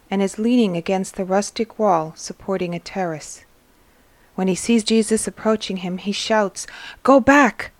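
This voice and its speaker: A woman host reads a religious story aloud in an earnest, teaching manner, pausing to explain. She goes slowly and deliberately, and the recording is dry and close with no room sound. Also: mid-range voice, a little mellow, no room sound. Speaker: host and reader. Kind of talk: religious book reading and teaching.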